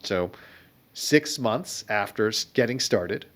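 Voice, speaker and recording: Low-voiced middle-aged man telling stories. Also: expressive, slow, fairly bright tone. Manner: reflective, wry anecdotes. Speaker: guest entrepreneur. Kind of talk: conversational storytelling.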